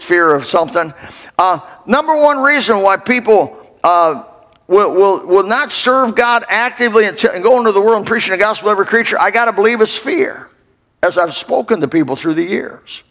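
Fervent older male preacher, bright voice. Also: high-pitched. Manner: fervent preaching with sudden shouted peaks. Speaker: pastor. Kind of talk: sermon. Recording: long hall reverb.

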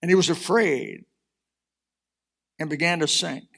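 A man's voice: a little high, measured pace, creaky, fairly bright tone. A man preaching a sermon, swelling and dropping in force as he reads scripture and applies it. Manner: impassioned preaching, rising and falling in force. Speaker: pastor.

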